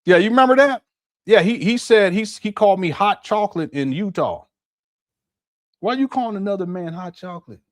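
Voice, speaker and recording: A man's voice: sits high, lively intonation, fairly quick, no room sound, clean studio sound. A man chatting casually on a live stream, musing aloud and repeating himself as he comments. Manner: rambling, musing, with a lot of repetition.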